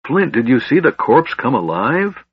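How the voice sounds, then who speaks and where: A man's voice: mid-range voice, big pitch swings, moderate pace, husky, no room sound, highs cut off, pitched above the performer's own voice. A man voicing a cheerful, curious small kender man with an eager, wide-eyed manner.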